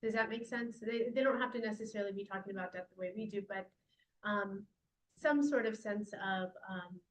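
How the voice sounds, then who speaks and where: A woman lecturing a class, relaxed and thinking aloud, often checking whether listeners follow. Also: mid-range voice, brisk, poor audio. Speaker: guest lecturer. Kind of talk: lecture with audience questions.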